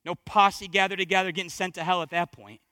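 A man preaching a sermon as pastor, swinging from hushed, low passages to fervent, building exhortation and repeating phrases for emphasis. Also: steady tone, fast talker, no room sound.

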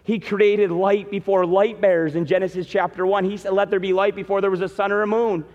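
A man preaching emphatically, walking through scripture verse by verse. His voice sits high, and it rings out with a long hall reverb on a dull, lo-fi recording. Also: level tone, brisk, darkish tone. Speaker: pastor. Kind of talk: sermon.

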